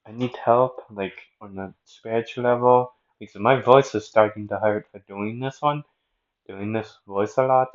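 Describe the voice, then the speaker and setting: A man with a fairly low voice narrates a fan-made anime story in a casual, rambling way. He keeps breaking off for self-mocking asides. The recording sounds dull and lo-fi. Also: fairly even intonation, moderate pace.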